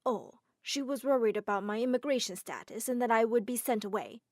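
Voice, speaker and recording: A woman's voice: fairly high pitch, fairly quick, no echo, clean studio sound, close to an everyday voice. A woman voicing a worried young male makeup artist who talks in a confiding way. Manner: confiding and explaining.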